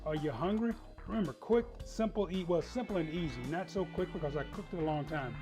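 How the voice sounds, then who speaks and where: A man hosting his own cooking show, chatting in a folksy, relaxed way to viewers at home as he cooks and serves food. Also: on the high side, a little fast, music in the background. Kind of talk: casual cooking demonstration.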